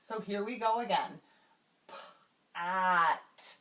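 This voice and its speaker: Slow, careful woman teacher trainer. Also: medium pitch, animated. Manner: slow, careful, modeling sounds aloud. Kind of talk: instructional explanation of classroom routines.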